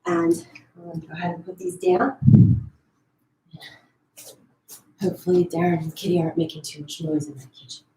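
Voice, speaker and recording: A woman leading a Pilates class from home, counting down reps and giving quick form cues, a bit out of breath. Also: fairly low pitch, steady tone, mellow. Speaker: pilates instructor. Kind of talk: live online fitness class cueing. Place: her home. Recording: echoey room.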